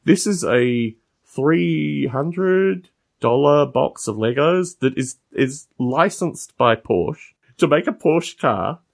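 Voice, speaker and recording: A man with a gravelly edge in his voice chats casually on a podcast, spinning wry anecdotes with sarcastic asides. His pitch moves around a lot as he tells them, rising and dropping for effect. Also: animated, takes it slowly. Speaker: podcast co-host. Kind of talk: casual chat.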